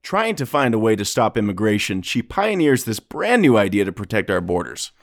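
A man's voice: fairly low pitch, very animated, a little fast, no echo, studio quality. A man hosting a podcast, talking in a mock-serious, sarcastic way about the news. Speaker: podcast host. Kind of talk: sarcastic political comedy chat.

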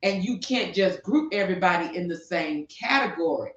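A woman's voice: lowish voice, expressive, normal speed. A woman co-hosting a talk show, passionately ranting and firing rhetorical questions, speaking. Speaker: podcast co-host. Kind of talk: heated opinion talk. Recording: distant, echoey, dull lo-fi sound.

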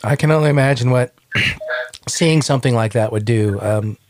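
A male podcast host asking questions and offering quick, sympathetic reactions to his guest's story. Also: mid-range voice, a little hiss or hum. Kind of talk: interview questions.

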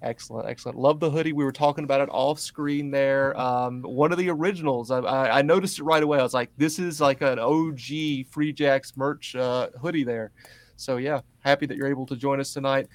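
A man hosting a casual podcast interview, chatty and enthusiastic, greeting loudly and joking with his guest. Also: medium pitch, steady tone, fairly quick, no echo. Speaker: podcast host.

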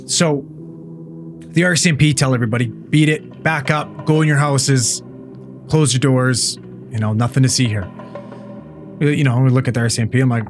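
Swearing paramedic telling a story. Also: male voice, medium pitch, normal speed, noisy background. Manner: profane, animated storyteller who acts out what people said. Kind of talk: casual storytelling chat.

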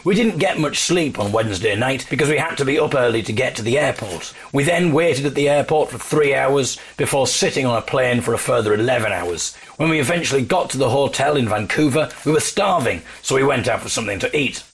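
A man with an English accent recording a spoken audio diary in a hotel room, storytelling wryly and deadpan with mock-dramatic emphasis. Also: mid-range voice, a little fast, gravelly, few pauses, slight background noise. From England. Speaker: folk musician and audio diarist. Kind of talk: casual spoken diary with dry humour.

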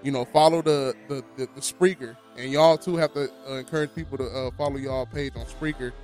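A man's voice: mid-range voice, steady tone, fairly quick, darkish tone, soft background music. A man from Los Angeles, hosting a podcast studio, talking in a loose, rambling way and often checking in with "you know what I'm saying". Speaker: studio host. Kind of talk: casual podcast chat.

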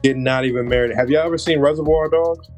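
Joking man with a fairly high voice. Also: fast, darkish tone, faint music behind. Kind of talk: casual banter.

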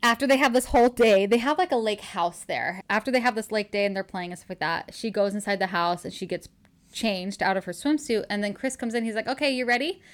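A woman's voice: mid-range voice, a little fast. A woman casually recapping a romance novel, gushing as she retells scenes with quoted dialogue. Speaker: book reviewer. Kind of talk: casual book recap chat.

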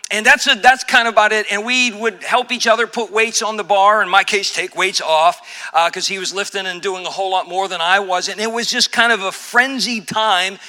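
Bright-voiced, high-pitched male pastor preaching. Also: fairly quick, few pauses. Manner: storytelling, animated with repeated restarts. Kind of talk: sermon.

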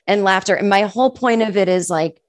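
A woman comedian with a faint Boston accent tinged with California, talking casually and self-deprecatingly as an interview guest, with animated asides. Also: mid-range voice, brisk, no echo, studio quality. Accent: faint Boston with California touches. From Boston area, USA.

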